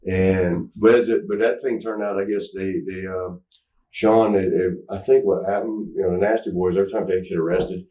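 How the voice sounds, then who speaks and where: Middle-aged man, interview guest, loose stop-start storyteller; deep, dark tone, recorded at a distance in an echoey room. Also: steady tone, moderate pace. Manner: rambling, stop-start storytelling, acts out quotes loudly.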